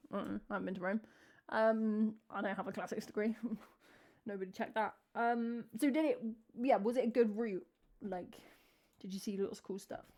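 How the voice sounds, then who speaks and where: A woman's voice: medium pitch, darkish tone. A young woman, chatting casually with her live stream's chat, giggly and trailing off as she talks. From England. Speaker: streamer and singer-songwriter.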